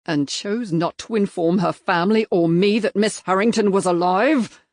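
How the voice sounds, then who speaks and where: A woman voicing a stern male major and magistrate who talks in clipped, threatening, quietly forceful lines. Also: low voice, measured pace, creaky, dry recording, clean studio sound, full character voice.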